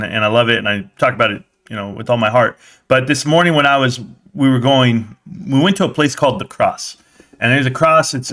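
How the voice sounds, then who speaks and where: A man's voice: medium pitch, bright, forceful tone. A young man hosting a live stream, rambling loosely and swearing casually.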